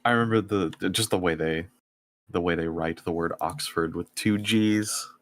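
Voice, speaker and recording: A man's voice: sits low, moderate pace, fairly bright tone, no echo, studio quality. A man joining a casual book club chat, mostly answering with short agreeing replies.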